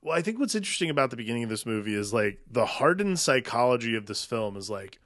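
A man's voice: medium pitch, very animated, fast, a bit bright, no room sound. Man, podcast co-host, casual film chat, rambling, filler-heavy, dry sound.

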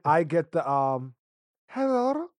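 A man's voice: fairly high pitch, no echo. A man co-hosting a podcast, teasing and laughing through casual chat. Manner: laughing, teasing, quick reactions. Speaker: podcast co-host.

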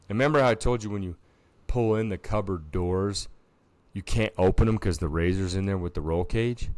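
A man's voice: fairly low pitch, normal speed, dry recording. A man co-hosting a casual podcast, telling a story animatedly and peppering it with filler words. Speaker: podcast co-host. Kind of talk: casual chat.

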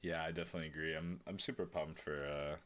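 Deep-voiced laid-back gamer man. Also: flat delivery, fast, a bit bright. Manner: laid-back, swears freely, trails off with fillers. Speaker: podcast co-host. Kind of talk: casual gaming chat.

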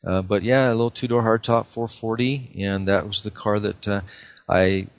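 Deep-voiced rambling middle-aged man. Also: steady tone, normal speed. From Idaho, USA. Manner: rambling, repeats words, frequent fillers. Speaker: guest, car dealer. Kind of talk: casual interview storytelling.

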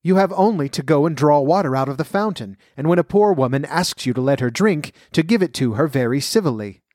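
A man voicing a harsh, greedy mother in a fairy tale, shrill and scolding. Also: expressive, brisk, darkish tone, no echo, studio quality, lightly acted. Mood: excited.

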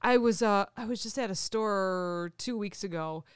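A woman's voice: mid-range voice, normal speed, clear, resonant tone, dry recording, studio quality. A woman co-hosting a podcast, chatting casually and laughing as she mocks her own driving. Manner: laughing, self-mocking storyteller. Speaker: podcast co-host. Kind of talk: casual chat.

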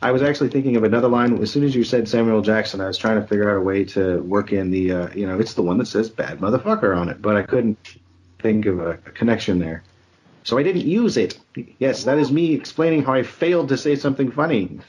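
A man's voice: lowish voice, animated, fast, a little mellow, dull audio. A man co-hosting a comedy podcast, with dry, self-deprecating humor. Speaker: podcast co-host.

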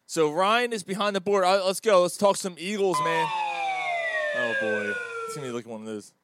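Swearing, animated bar host. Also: male voice, sits high, brisk, very noisy. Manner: joking, profane, animated banter. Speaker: sports talk show host. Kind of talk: casual bar-room sports chat. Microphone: desk microphone.

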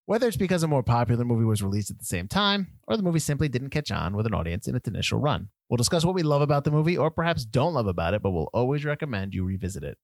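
A man's voice: mid-range voice, sing-song, dry recording, studio quality. A man co-hosting a film podcast in casual chat, playful and joking. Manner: joking, playful, quick asides. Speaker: podcast co-host.

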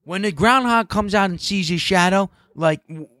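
A man from New York, telling family stories in casual chat, animated, laughing often and swearing freely. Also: sits high, moderate pace, no echo.

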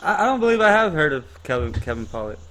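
A man hosting a casual chat, easygoing and quick to laugh. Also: on the high side, sing-song, a bit bright.

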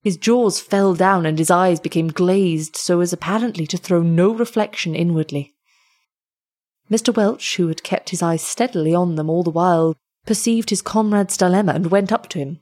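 A woman reading an old tale aloud in a measured, expressive way. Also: on the low side. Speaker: storyteller.

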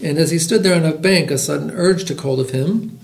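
A middle-aged man hosting a library podcast, reading a picture book aloud with lively voiced characters. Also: a little high, fairly quick, creaky, echoey room.

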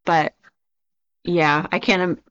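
A woman co-hosting a podcast in bubbly, animated casual chat. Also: lowish voice, takes it slowly, smooth. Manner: bubbly, animated, laughs often. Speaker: podcast co-host, storyteller. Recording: slightly dull lo-fi sound.

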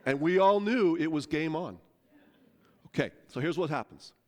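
Man, pastor, sermon storytelling, animated, conversational, slightly high voice. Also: normal speed. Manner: animated, conversational, acts out quotes.

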